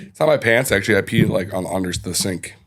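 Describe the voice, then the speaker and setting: Low-voiced man with deadpan quips. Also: quick pace. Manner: deadpan joking banter, short quips. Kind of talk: casual podcast chat.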